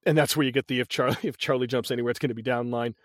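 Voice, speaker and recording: A man's voice: medium pitch, steady tone, racing, dry recording, studio quality. A man co-hosting a casual movie recap, retelling scenes with profanity and frequent laughter. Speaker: podcast co-host.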